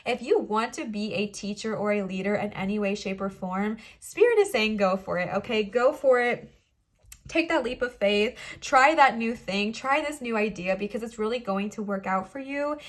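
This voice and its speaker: A woman with a mid-range, expressive voice speaks at a normal speed while giving a casual pick-a-card tarot reading as a channel host. She talks in enthusiastic, encouraging bursts full of affirmations and chatty asides to her viewers, sounding out of breath at times.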